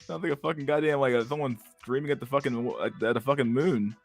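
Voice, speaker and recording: A man's voice: medium pitch, fairly even intonation, fast, vocal fry, soft background music. Sarcastic young man ranting. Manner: incredulous, sarcastic, profane, says dude a lot. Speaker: stream host reacting to videos. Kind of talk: casual profane reaction commentary.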